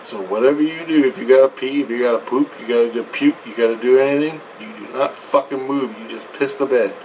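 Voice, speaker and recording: A man voicing a stern, calm female priestess who lectures in a low, hushed, insistent way. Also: fast, slight background noise, close to an everyday voice, poor audio.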